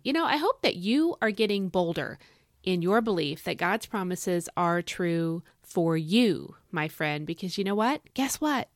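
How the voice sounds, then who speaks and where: A woman's voice: medium pitch, no echo, studio quality. A middle-aged woman hosting a devotional podcast, chatty and playful, piling up emphatic repetitions and asides. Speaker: podcast host. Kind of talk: upbeat devotional podcast talk.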